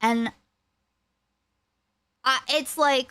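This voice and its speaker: A woman streamer telling a personal story in a rambling, animated way. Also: medium pitch, slow pace, clear, resonant tone. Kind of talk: casual storytime chat.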